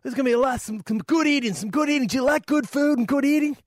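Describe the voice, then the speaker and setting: An Australian man putting on the voice of a brash, pushy cowboy neighbor in a joke, with a booming, drawn-out shouted delivery. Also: dry recording, clean studio sound. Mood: boisterous.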